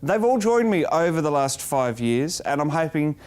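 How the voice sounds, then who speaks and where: A man with an Australian accent narrating a retrospective of his own show as host, in a steady, enthusiastic way. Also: a little high, normal speed.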